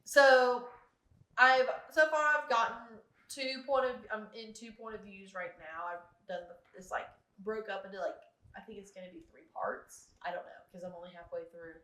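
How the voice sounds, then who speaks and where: A woman's voice: mid-range voice, fairly even intonation, moderate pace, pushed and bright, echoey room, rough recording. A young woman chatting casually to camera about books, rambling with fillers and frequent laughs. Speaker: book vlogger.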